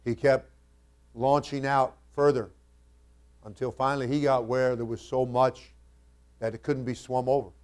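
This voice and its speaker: A male pastor delivering a sermon at a medium pitch. He talks casually and thoughtfully, then builds to loud, emphatic stretches as he reads scripture in old-fashioned wording. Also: flat delivery, normal speed, pauses often. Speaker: senior pastor.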